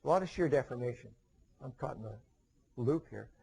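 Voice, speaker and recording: A man's voice: medium pitch, lively intonation, brisk, creaky, dark tone, husky, rough recording. A man teaching a webinar lecture in a conversational way, with frequent fillers and restarts, often posing questions and then answering them himself. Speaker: engineering lecturer.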